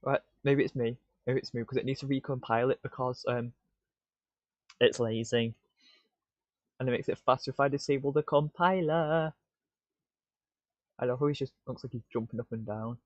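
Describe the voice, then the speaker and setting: Guy streaming and muttering to himself, gets all excited, trips over words, dull dry audio. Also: mid-range voice, moderate pace, long pauses, dry recording. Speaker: live-coding streamer. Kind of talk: casual live-stream self-talk.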